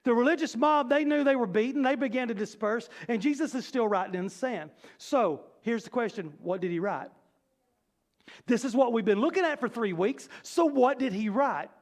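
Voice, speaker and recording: A male pastor preaching a sermon in a church, animated and conversational with playful asides. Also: extremely high pitch, normal speed. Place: church sanctuary.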